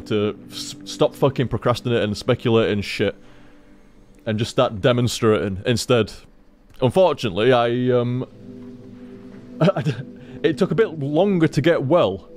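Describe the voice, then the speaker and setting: A man's voice: mid-range voice, a little mellow. A man streaming from home at his computer, rambling casually to viewers, swearing freely and repeating himself. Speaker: game streamer.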